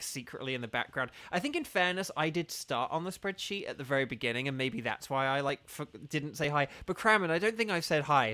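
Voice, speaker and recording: A man's voice: fairly high pitch, pushed and bright, dry recording. A man chatting casually with viewers during a live game stream, rambling and organizing who plays next.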